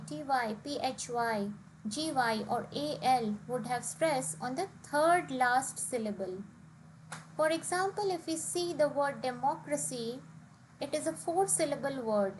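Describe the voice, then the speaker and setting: Woman, young, high voice, tutor, methodical, step-by-step explainer. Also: slight background noise, poor audio. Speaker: language test tutor. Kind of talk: instructional explainer.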